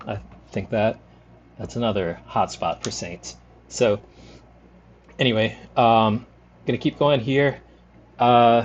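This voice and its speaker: A man from the New Orleans area giving rambling, relaxed commentary while streaming a game. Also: fairly low pitch, slight background noise. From New Orleans area, Louisiana. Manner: rambling, lots of fillers, relaxed. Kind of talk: casual commentary over gameplay.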